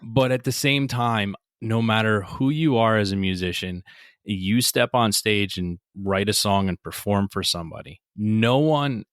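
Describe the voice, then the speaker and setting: Blunt New man, low voice. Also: unhurried, smooth, dry recording, studio quality. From northern New Jersey. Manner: blunt, opinionated, swears freely. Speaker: podcast host. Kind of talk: casual interview chat.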